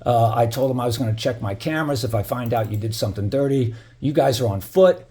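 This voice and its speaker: A man's voice: mid-range voice, expressive, quick pace, mellow. Heated, rambling middle-aged man. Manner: heated, profane, lots of "you know" fillers. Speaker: building resident narrating security footage. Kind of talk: casual storytelling vlog.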